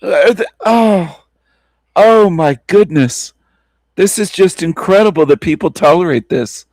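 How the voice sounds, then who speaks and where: Stream host, laughing scornful reaction, high lively voice, dry close sound. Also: male voice, a little slow, no echo. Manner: mocking, incredulous, laughs often. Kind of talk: casual reaction commentary.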